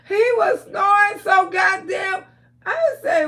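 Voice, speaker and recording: Woman livestream host, high voice, gravelly, loud and laughing. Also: very slow, long pauses. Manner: loud, laughing, storytelling with lots of cursing. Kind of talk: casual livestream commentary.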